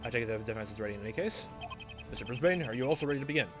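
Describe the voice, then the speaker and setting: A stern, formal old judge calling the court to order, as a man voices him over steady background music. The delivery is measured and proper, with a middling pitch and a game-playthrough feel. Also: natural voice. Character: stern older male trial judge.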